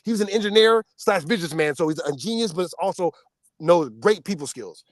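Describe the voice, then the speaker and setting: Animated man telling stories, dry sound. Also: brisk, no echo. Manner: animated, storytelling, laughing often, swinging up high in pitch. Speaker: podcast co-host. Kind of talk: casual chat.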